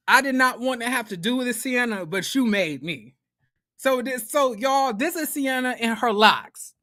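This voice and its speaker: A man recapping a reality show in a casual commentary vlog, talking to viewers as y'all in an animated, profane way. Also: very high-pitched, dry recording, clean studio sound.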